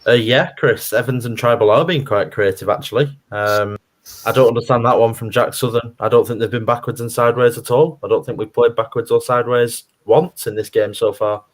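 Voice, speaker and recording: A man co-hosting a live football fan watchalong, reacting excitedly to the play and chatting with his co-hosts. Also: medium pitch, fairly quick. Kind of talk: live match commentary chat.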